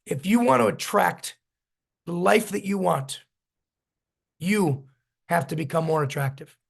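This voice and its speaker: Gravelly high-voiced man telling stories. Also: lively intonation, unhurried. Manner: storytelling, emphatic repetition. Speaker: business mentor. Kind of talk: motivational team talk.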